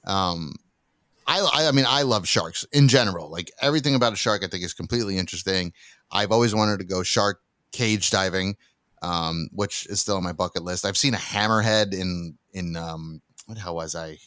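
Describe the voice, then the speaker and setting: A low-voiced man tells stories in a loose podcast chat, slipping into the voices of the people he quotes. The sound is close and dry, with no room around it. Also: brisk, clear, resonant tone, no echo. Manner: animated storyteller, acts out quotes. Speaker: podcast guest.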